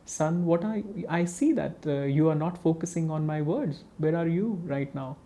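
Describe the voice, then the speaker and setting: A man tells the story as a patient old saint, kindly and reassuring. His tone is mellow and warm. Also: fairly high pitch, moderate pace, natural voice. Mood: gentle.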